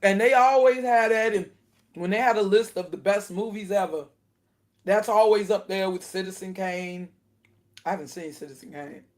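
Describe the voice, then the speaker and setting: A woman talking straight to her viewers in a loose, casual commentary, her voice sitting at an ordinary middle pitch. She sounds indignant and animated, with short laughs dropped between her points. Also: normal speed. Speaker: video commentator.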